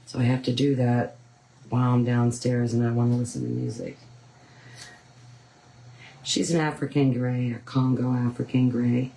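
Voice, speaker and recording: A woman's voice: a bass voice, level tone, normal speed, vocal fry, long pauses, dark tone, rough recording. A woman hosting a painting tutorial, chatting casually and rambling with frequent ums. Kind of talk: casual chat while painting.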